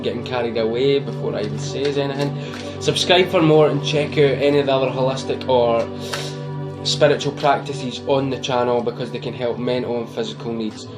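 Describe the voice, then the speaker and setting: A man with a Scottish accent giving a casual, rambling tarot reading to camera, teasing his viewers and laughing at himself. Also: mid-range voice. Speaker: tarot reader. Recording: music playing behind.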